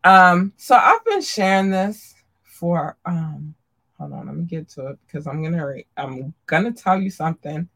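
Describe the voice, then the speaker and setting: A woman hosting a podcast, chatting casually and affectionately with listeners and often jumping into a squeaky high voice for greetings. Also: lively intonation, moderate pace, a bit bright. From Maryland, USA. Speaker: podcast host. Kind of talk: casual livestream shout-outs.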